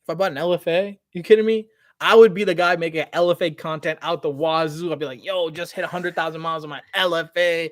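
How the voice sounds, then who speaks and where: A man hosting a casual livestream Q&A outdoors, talking in a slangy, animated way that trails off at the ends of phrases. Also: fairly high pitch, fast talker, no echo, clean studio sound. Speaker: host. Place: outdoors by parked cars.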